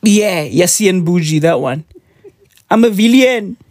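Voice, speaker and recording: Animated South African woman ranting. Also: on the low side, unhurried, dry recording, studio quality. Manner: animated, swearing, slangy. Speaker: vlogger. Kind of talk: profane casual rant.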